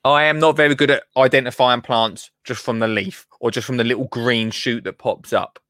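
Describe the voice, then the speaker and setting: A man's voice: mid-range voice, fairly even intonation, normal speed, fairly bright tone, dry recording. A man presenting gardening tips on a live stream in a chatty, easily sidetracked way, laughing often. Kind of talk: casual live chat.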